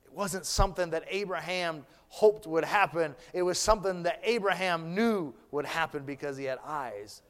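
Male pastor preaching with rising and falling cadence; high, clear voice in a reverberant sanctuary. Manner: preaching cadence, drawn-out phrases trailing off soft. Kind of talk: sermon. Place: church.

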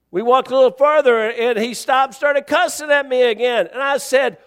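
A male pastor preaching a sermon, telling a story and rising to near-shouts as he acts out the exchange. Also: very high voice, normal speed, hardly any pauses, big-room sound.

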